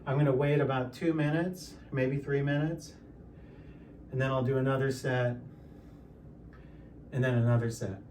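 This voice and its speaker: Relaxed man in his sixties, distant mic. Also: medium pitch, normal speed, long pauses, a little hiss or hum. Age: 60s. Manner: relaxed, plain explaining with frequent fillers. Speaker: fitness vlogger. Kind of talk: casual talk while exercising.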